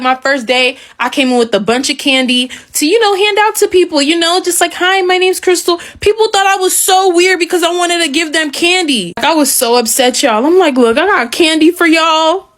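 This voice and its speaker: A young woman from Nigeria telling a story casually, animated and swearing a lot, with many "like"s. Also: high-pitched. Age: young adult. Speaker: clip storyteller.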